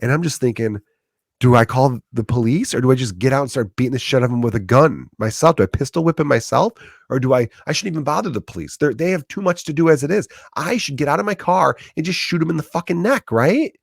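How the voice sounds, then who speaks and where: A man's voice: mid-range voice, lively intonation, fast, vocal fry, husky, no room sound, clean studio sound. A man in his thirties with a Chicago accent, a comedian hosting his podcast and ranting in a profane comedic monologue. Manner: profane, ranting, acts out quoted voices.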